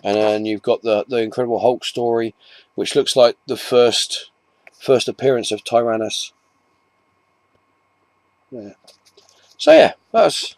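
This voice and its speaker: An English man talks casually to camera in a rambling, chatty way, circling back and restarting his sentences and dropping in self-mocking asides. His voice sits at an ordinary middle pitch, and the sound is close and dry with no room echo. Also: vocal fry, a little mellow. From England. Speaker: comic collector vlogger.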